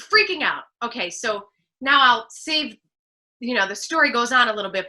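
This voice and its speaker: A woman from New Jersey, an actress and speaker, telling a story with lively energy in an interview. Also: fairly high pitch. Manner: lively, acts out quoted voices. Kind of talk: animated storytelling in conversation.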